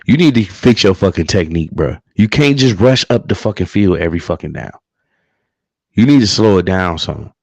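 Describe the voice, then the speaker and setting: A man's voice: sits low, expressive, moderate pace, gravelly, no room sound, dull audio. A man co-hosting a livestream, ranting heatedly in casual talk about his team, profane and repetitive. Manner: heated, profane, repeats himself. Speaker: livestream co-host. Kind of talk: profane casual sports rant.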